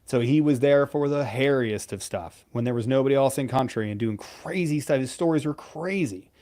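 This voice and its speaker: A man's voice: mid-range voice, moderate pace, mellow. A man in his forties, a veteran pararescueman co-hosting a live stream, giving blunt, profane career advice in a casual storytelling way. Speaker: podcast co-host, veteran pararescueman.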